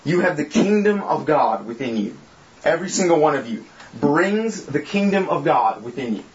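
A man's voice: fairly high pitch, very animated, moderate pace, a little hiss or hum. Man preaching casually in an echoey room. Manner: casual, joking, earnest preaching. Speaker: group leader and preacher. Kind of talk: informal sermon and prayer. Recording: echoey room, slightly dull sound.

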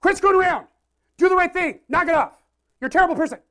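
A woman's voice: extremely high pitch, fast talker, bright, forceful tone, voice pushed up. A woman voicing a mean, crotchety old male God who barks scolding orders. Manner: barking short scolding orders.

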